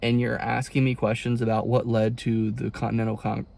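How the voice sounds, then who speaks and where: A young man talks straight to the camera in a casual confession vlog, rambling and exasperated, with folksy turns of phrase. His voice is gravelly with plenty of fry, and a faint ambient hiss sits behind it. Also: mid-range voice, monotone, brisk, a little mellow. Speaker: college student vlogger.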